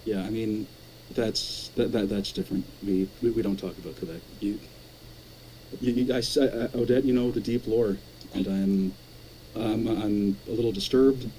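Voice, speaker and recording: A man's voice: fairly low pitch, fairly even intonation, normal speed, dark tone, slight background noise, poor audio. A man calling in to chat, stammering and repeating words as he tells stories. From Canada. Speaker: caller. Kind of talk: casual chat.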